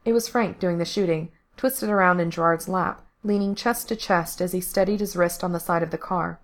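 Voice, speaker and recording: A woman narrating a story aloud at a steady, measured pace. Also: lowish voice.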